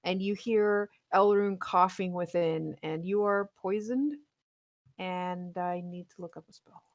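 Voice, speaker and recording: A woman's voice: on the low side, unhurried, no echo, studio quality. A woman running a tabletop game as game master, chatty and laughing often, with plenty of ums.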